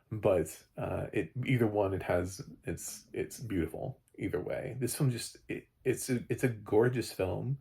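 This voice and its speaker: A man with a low, gravelly, husky voice talks through a film review in a loose, casual way. He rambles and restarts, and his voice jumps up sharply when he gets animated. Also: a little slow, few pauses.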